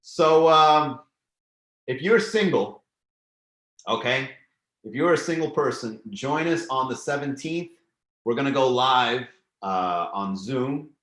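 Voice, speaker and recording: A man's voice: medium pitch, lively intonation, slow, fairly bright tone, roomy sound. A man hosting a live comedy stream, chatting loosely and profanely as he reads and riffs on viewer comments. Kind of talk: casual live-stream chat reading comments.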